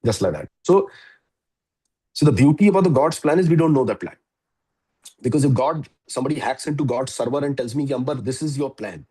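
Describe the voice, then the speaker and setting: A man in his fifties with an Indian English accent, giving a lively, chuckling motivational talk to students. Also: medium pitch, a little fast, long pauses, husky, low-quality recording. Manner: animated, chuckling storyteller. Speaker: guest speaker.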